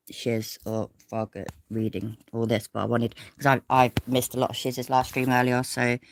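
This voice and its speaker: A woman hosting a casual livestream from bed, rambling and self-deprecating as she greets her viewers by name. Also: a bass voice. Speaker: livestream host. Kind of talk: casual live chat. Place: in bed, away from home. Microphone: audio only, no camera.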